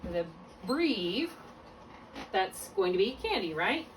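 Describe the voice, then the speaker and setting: A woman's voice: medium pitch, big pitch swings, slow pace. A woman tutoring a student one-on-one in phonics. She explains step by step and often stops to correct herself. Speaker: reading tutor. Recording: distant mic with faint room noise.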